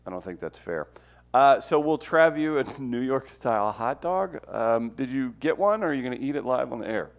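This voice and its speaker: A man hosting a casual podcast, teasing his co-hosts with quick, animated asides. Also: medium pitch. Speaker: podcast host.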